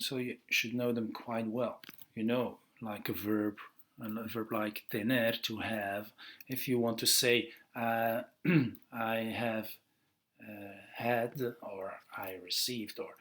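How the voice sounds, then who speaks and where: A male language teacher who talks slowly and patiently in a mid-range voice. He stops often to correct himself and says "uh" and "huh?" a lot as he walks through verb forms. His delivery is that of a relaxed recorded class lesson. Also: mid-range voice. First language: Dutch. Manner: explains patiently, slow pace with many fillers and self-corrections.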